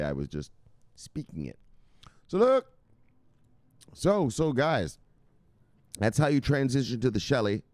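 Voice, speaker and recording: A male crypto news host in casual livestream chat, shouting out viewers with loud hype catchphrases, swearing and laughing. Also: on the low side, clear, resonant tone, dry recording, clean studio sound.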